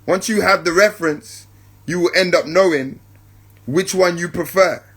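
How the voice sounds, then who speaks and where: This man hosts a spiritual podcast, and his voice is high, fairly bright and slightly rough. He speaks reflectively and at an unhurried pace, often checking in with listeners he calls family and repeating points for emphasis.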